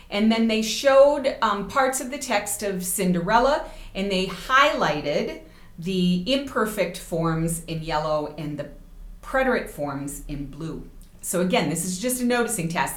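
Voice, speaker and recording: A woman teacher educator giving a recorded lecture, explaining examples step by step and checking in with "okay?". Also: medium pitch. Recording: roomy echo.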